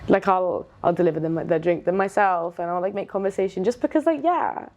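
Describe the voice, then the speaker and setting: A young woman being interviewed, talking candidly and reflectively, often pausing and restarting her sentences. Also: lowish voice, a little mellow. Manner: reflective, hesitant, many restarts, laughs while retelling stories. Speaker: interview guest.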